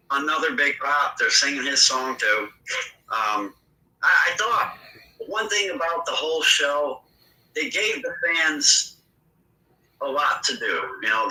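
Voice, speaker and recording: A man co-hosting a podcast, giving relaxed, offhand opinions with fillers. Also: on the high side, reverberant, far from the mic, rough recording. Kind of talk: casual recap chat.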